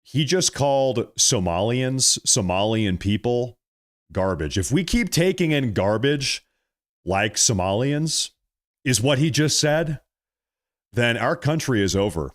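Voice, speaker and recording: A man hosting a political commentary vlog, talking in a mocking, animated way and drawing out his emphasis. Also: mid-range voice, slow pace.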